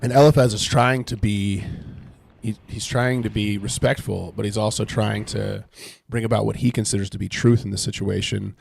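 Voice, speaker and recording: A man talks through scripture on a live stream, loose and rambling, full of fillers as he puts old texts into everyday words. His voice sits low and carries a heavy gravelly fry. A faint hiss of noise runs underneath. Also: fairly even intonation, normal speed, darkish tone. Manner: rambling, many fillers, paraphrases scripture in casual speech; reacts to game and chat in low muttering asides. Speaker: streamer leading Bible study. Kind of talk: casual live-stream teaching while gaming.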